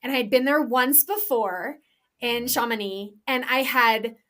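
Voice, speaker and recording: A woman's voice: fairly high pitch, measured pace, fairly bright tone. A woman co-hosting a podcast in casual chat, enthusiastic and rambling, with lots of fillers and restarts. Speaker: podcast co-host and professional trail runner.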